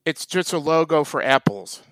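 A man co-hosts a comedic chat show, ranting in a deadpan, mock-serious way. His voice sits a little high for a man. The sound is dry and close, with no room echo. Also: moderate pace. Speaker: co-host.

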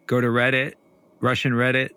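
A man's voice: medium pitch, monotone, normal speed, sharp tone, clean tone, no echo. A man co-hosting a podcast in casual chat, laid-back and often chuckling. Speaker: podcast co-host.

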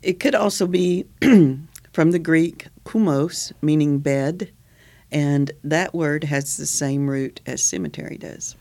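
Wry bookish man with a gravelly voice. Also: fairly high pitch, slow, a little mellow. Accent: Oklahoma. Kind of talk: casual chat.

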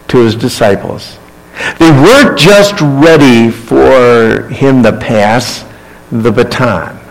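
A man's voice: on the high side, rough recording. A male pastor preaching a sermon, reading scripture and acting out the quoted lines with rising emphasis.

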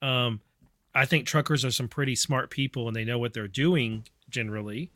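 A man's voice: mid-range voice, normal speed, bright, forceful tone, no echo. A man co-hosting a casual podcast, talking earnestly with lots of ums and restarts. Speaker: podcast co-host. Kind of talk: casual chat.

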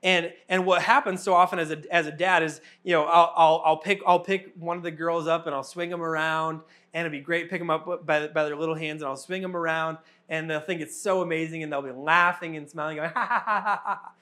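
A man's voice: a little high, little pitch movement, brisk, few pauses, pushed and bright. A man in his thirties, a pastor, preaching a sermon with earnest, repetitive cadence.

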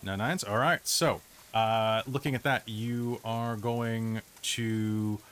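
A man running a tabletop role-playing game as game master, narrating in a relaxed, chatty way with frequent fillers. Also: lowish voice, slow, smooth.

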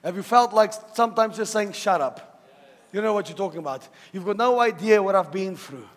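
A man preaching a sermon to a church, swinging from loud shouting to hushed intensity and repeating words for emphasis. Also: high voice, fast talker. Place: church hall with a congregation. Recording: long hall reverb.

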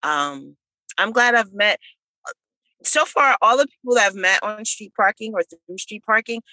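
A woman guest on a video call, halting and grateful, searching for her words. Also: mid-range voice, lively intonation, sharp tone, dry recording, poor audio. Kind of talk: casual interview over video call. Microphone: video call audio.

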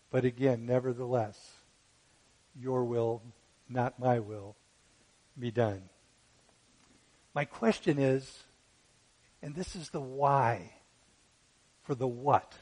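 A man preaching a sermon who rises to loud, fervent peaks when quoting scripture and fires off rhetorical questions. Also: on the high side, poor audio. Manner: asks rapid rhetorical questions.

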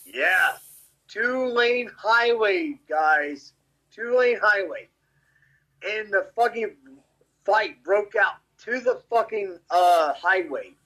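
A man from Memphis, telling a story as a podcast guest in a rambling, animated way and swearing constantly. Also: high voice, slow, rough recording. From Memphis, Tennessee. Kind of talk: casual storytelling.

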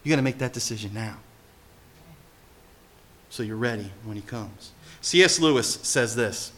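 A male pastor giving an animated sermon, swinging between hushed and loud delivery and often putting questions to his listeners. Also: medium pitch, normal speed.

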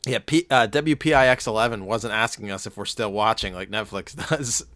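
A man's voice: lowish voice, brisk, a bit bright, no room sound, studio quality. A man co-hosting a podcast, telling rambling stories in casual chat, laughing often and mimicking people. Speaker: podcast co-host.

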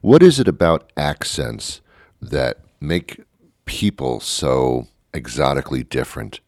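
Older guy radio host, super deep voice, rambly with lots of restarts, dry close sound. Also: sing-song, unhurried, a little mellow, dry recording. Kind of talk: radio talk monologue.

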